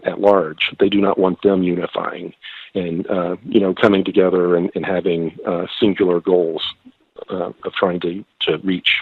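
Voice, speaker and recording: A slightly hoarse man calling in by phone as a guest, talking hesitantly with many fillers and restarts. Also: low voice, dry recording. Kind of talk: phone-in interview. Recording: tinny phone line.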